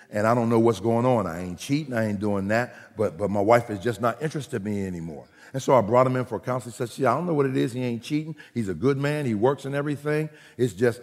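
A man preaching a sermon as pastor, animated and jokey, swinging between loud and soft. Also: medium pitch. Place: church hall. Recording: reverberant hall recording.

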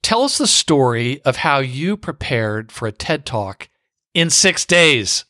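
A man's voice: mid-range voice, very animated, takes it slowly, pushed and bright, dry recording, clean studio sound. A man hosting an interview podcast, asking questions in a playful, joking manner. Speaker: podcast host. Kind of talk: conversational interview.

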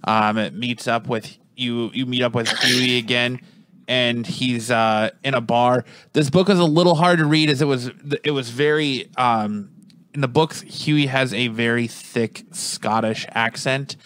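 A man's voice: medium pitch, a little slow, a bit bright, no room sound. Rambling man reviewing comics. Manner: rambling, restarts often, searches for words. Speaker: podcast co-host reviewing comics. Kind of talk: casual comic book review.

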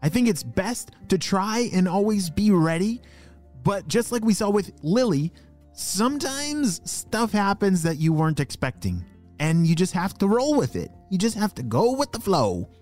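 A man narrating a children's story, animated and talking directly to young listeners with questions. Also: high voice, normal speed, faint music behind.

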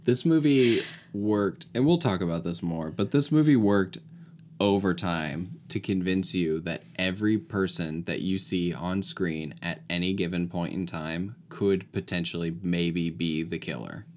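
A man's voice: low-pitched, unhurried, darkish tone. A man co-hosting a casual podcast chat, talking things through analytically with many hedges. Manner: analytical, hedging with "like". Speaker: podcast co-host.

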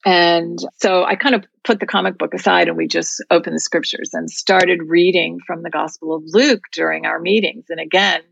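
A woman's voice: on the low side, steady tone, normal speed, vocal fry, few pauses, fairly bright tone, breathy edge, dry recording. A woman guest in an interview telling a story in an earnest, heartfelt way.

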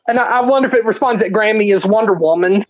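A man's voice: high-pitched, no room sound, poor audio. A man with a Southern accent, the podcast's producer, talking hesitantly with many fillers. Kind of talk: casual podcast chat.

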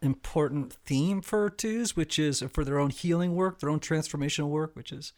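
A man's voice: on the high side, moderate pace. A man hosting a casual panel discussion, explaining ideas with energy and often checking in with "right?". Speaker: podcast host.

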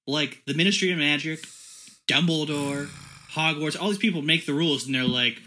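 A man's voice: a little high, moderate pace, bright, forceful tone, slight background noise. A man in casual podcast chat, sarcastic and stammering over his words. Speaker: podcast co-host.

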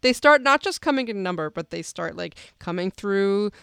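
A woman hosts a casual podcast, steering the talk with playful questions. Her voice is smooth and crisp. It sounds dry and close to the mic. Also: medium pitch, animated, moderate pace, a bit bright, no room sound. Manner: playful, leads the discussion with questions. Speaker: podcast host.

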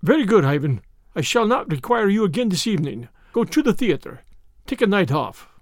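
A man reading aloud, voicing a cowardly, scheming Russian man who talks softly. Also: high voice, big pitch swings, a little fast, no room sound, studio quality, full character voice. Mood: silky. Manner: soft, silky, turning hysterical.

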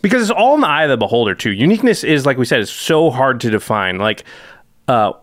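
A man hosting a podcast in casual chat, chatty and animated with lots of filler words. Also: medium pitch, fast talker, no room sound, studio quality. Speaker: podcast host.

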